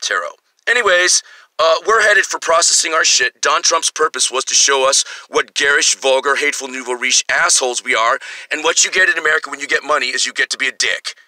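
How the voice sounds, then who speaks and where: A man's voice: fairly high pitch, a little fast, bright, forceful tone, no echo, rough recording. A man in his fifties delivering an angry, profane, rambling monologue. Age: 50s. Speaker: vlogger. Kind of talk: ranting monologue.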